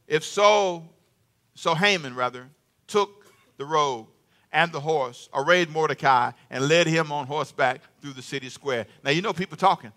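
A man's voice: on the high side, moderate pace. A man preaching a sermon in church, telling stories with jokes and acting out the characters. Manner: animated storytelling, acts out the king and Haman; jokes with the congregation and laughs. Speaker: pastor.

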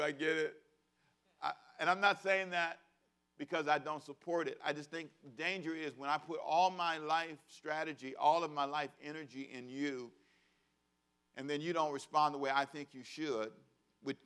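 A man's voice: fairly high pitch, a bit bright. A middle-aged man preaching a sermon as pastor, conversational and humorous, asking the congregation to repeat phrases and acting out the voices of parents and children. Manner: acts out quoted voices of kids and parents.

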